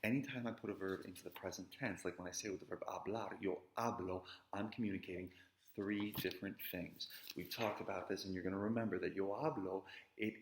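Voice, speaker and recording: A man with a low, gravelly voice walks students through a grammar review. He talks conversationally and keeps checking in with "right?". The sound carries an echo from the room. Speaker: Spanish teacher. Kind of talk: recorded grammar review lesson.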